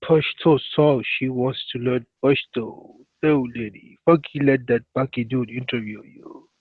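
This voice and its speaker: A man's voice: mid-range voice, fairly even intonation, measured pace, slightly rough, no room sound. Pleading Pakistani-accented man on a tinny line. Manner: rambling and pleading, with crude teasing. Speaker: livestream host. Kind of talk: casual livestream chat. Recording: tinny phone-line sound, dry.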